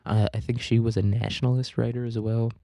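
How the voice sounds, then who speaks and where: A man's voice: mid-range voice, little pitch movement, fairly quick, gravelly, noisy background. A young man hosting a casual history podcast, loose and profane, joking with lots of fillers and asides. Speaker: podcast host.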